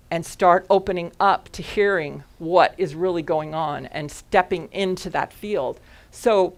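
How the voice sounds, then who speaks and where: Woman minister telling a lively story. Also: fairly low pitch. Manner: animated storytelling with frequent laughs. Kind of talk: sermon. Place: church service before a congregation. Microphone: headset mic.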